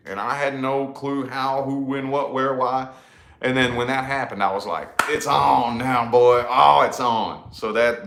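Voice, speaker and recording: A man telling a personal story in loose, casual talk, with a relaxed drawl and frequent swearing. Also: medium pitch. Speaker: podcast co-host. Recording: echoey room.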